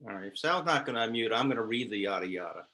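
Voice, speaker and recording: A man moderating a men's group on a video call, relaxed as he reads a note aloud. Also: fairly low pitch, rapid-fire.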